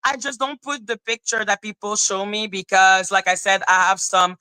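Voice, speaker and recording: A woman hosting a livestream, ranting heatedly and with swearing, and breaking into high sing-song greetings to her viewers. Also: fairly even intonation, moderate pace, sharp tone, clean tone, no echo. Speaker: livestream host. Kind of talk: livestream rant chatting with viewers.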